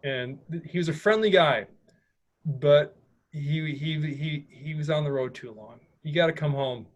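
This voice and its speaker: A man's voice: a little high, unhurried, muffled recording. A man presenting a slideshow to an audience in a meeting room, chatty and rambling, with many restarts. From United States. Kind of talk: informal slideshow talk.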